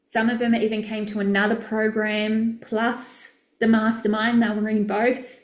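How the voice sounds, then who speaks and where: A woman's voice: on the high side, flat delivery, measured pace, echoey room. A woman, a business coach, chatting casually and effusively with viewers during a live session, rambling and correcting herself as she goes.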